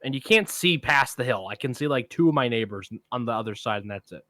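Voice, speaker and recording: Here a fast-talking man with a medium-pitched voice, with no room sound, co-hosts a film podcast. His long, casual anecdote is animated, and he acts out the voices of the people in it.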